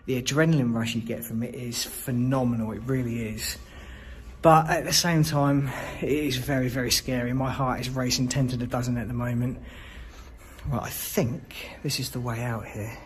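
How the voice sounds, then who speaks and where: A man's voice: mid-range voice, fairly even intonation, normal speed. A man exploring an abandoned building alone at night, whispering his fear and swearing often into a handheld camera. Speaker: solo paranormal explorer.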